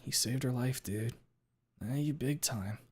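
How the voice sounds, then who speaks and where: A man voicing a gruff tailed young creature. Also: mid-range voice, unhurried. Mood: subdued. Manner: growling, blunt, swears casually. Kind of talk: read-aloud story voicing.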